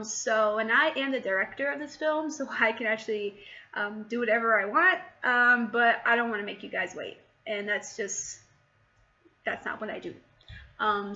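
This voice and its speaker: A woman's voice: fairly high pitch, bright, forceful tone, highs cut off. Chatty young woman on a laptop mic. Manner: chatty, rambling, many ums. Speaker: vlogger and documentary director. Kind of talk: casual vlog. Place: home, sitting with laptop, laptop fan blowing. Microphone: laptop built-in mic.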